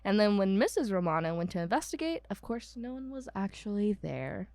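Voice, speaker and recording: A woman's voice: medium pitch, sing-song, brisk, darkish tone, no room sound. A woman from Ohio co-hosting a podcast, telling a ghost story in casual chat with lots of ums. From Ohio, United States. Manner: chatty, many ums, laughs at herself. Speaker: podcast co-host.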